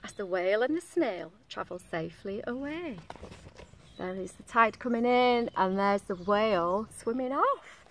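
A woman's voice: medium pitch, lively intonation, measured pace, fairly bright tone, a little hiss or hum. A woman reading a picture book aloud to young children in a sing-song voice, stopping to ask them questions.

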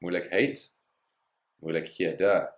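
A man's voice: deep voice, fairly even intonation, a little slow, reverberant. A man teaching a language lesson, explaining the rules step by step and adding short words of encouragement.

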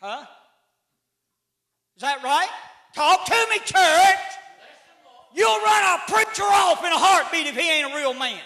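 A man preaching a sermon in a church, folksy, with shouted calls to the congregation. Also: extremely high pitch, animated, measured pace, long pauses. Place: church sanctuary. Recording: echoey church room.

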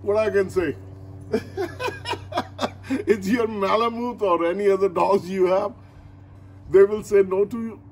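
At home, a man chats casually with his dog and the camera, coaxing, repeating himself, and laughing a lot, his grammar marked by a non-native speaker's patterns. His voice sits high and steady at a moderate pace. The audio is poor, with faint music in the background.

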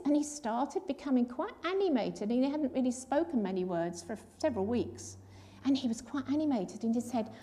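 A woman's voice: fairly high pitch, sing-song, moderate pace, warm tone. An older woman giving an earnest personal testimony at a church, telling her story and acting out the voices of the people in it.

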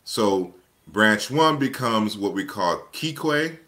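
A man giving an online lecture that walks through slides in a measured, explanatory way, often pausing and restarting his sentences. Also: on the low side, animated, pushed and bright. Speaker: lecturer presenting his book.

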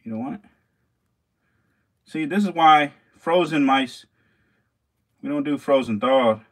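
In a casual vlog, a man feeds his snakes and talks to the handheld camera, which he sets down now and then. His voice is fairly high and unhurried. He curses, jokes, laughs at himself, and chats with the snakes and mice as he goes.

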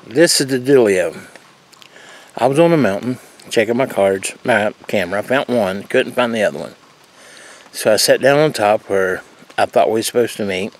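Folksy man on a tailgate. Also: lowish voice. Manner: folksy, self-deprecating storyteller. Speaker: regular on the channel. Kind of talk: casual vlog storytelling. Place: outdoors, sitting on a truck tailgate.

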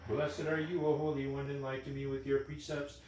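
A man's voice: medium pitch, a little fast, a little hiss or hum. Man intoning prayers in a ringing church. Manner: intoning in an even monotone. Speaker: reader leading vespers. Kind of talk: chanted liturgical reading. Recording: very echoey church room.

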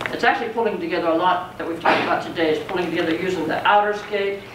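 This poetry teacher talks rapid-fire at a medium pitch with fairly even intonation, lecturing conversationally and often checking in with students. A far-off mic picks up the reverberant classroom and some faint noise.

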